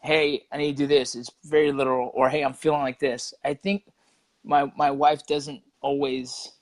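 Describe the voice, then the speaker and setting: A man's voice: on the high side, level tone, normal speed, no echo, low-quality recording. Laid-back swearing guy, dry close mic. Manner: laid-back, swears, says "you know" and "right" a lot, acts out quotes. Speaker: guest. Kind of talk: casual interview chat.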